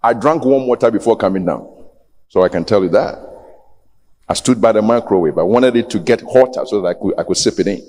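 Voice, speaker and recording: A man's voice: fairly low pitch, fairly quick, a little mellow. A man preaching a sermon as pastor, challenging and pleading with the congregation and rising to emphatic peaks. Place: church. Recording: long hall reverb.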